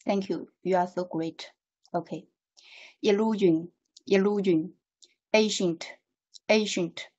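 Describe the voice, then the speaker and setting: A woman's voice: medium pitch, fairly even intonation, slow, long pauses, darkish tone, breathy edge. A woman student, polite and careful, reading vocabulary words in an online lesson. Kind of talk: pronunciation drill. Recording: muffled online call audio.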